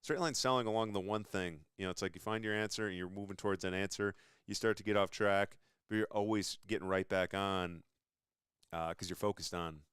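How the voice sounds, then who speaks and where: A man's voice: low-pitched, fairly even intonation, fairly quick, a bit bright, clean tone, no echo, studio quality. A young man hosting a casual interview chat, talking enthusiastically and rambling between points. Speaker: show host.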